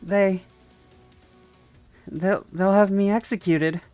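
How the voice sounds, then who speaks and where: A man's voice: sits high, fairly even intonation, takes it slowly, a little mellow, smooth, no room sound, faint music behind, voice pushed up. A man voicing a young woman soldier in a game, speaking in a shaky, defiant way. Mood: panicked.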